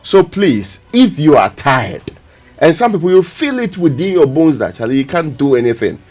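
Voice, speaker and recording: A man's voice: a little high, big pitch swings, moderate pace, darkish tone, faint music behind. A man hosting a morning radio show, earnestly urging listeners about road safety. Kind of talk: casual studio chat, road safety message. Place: radio studio.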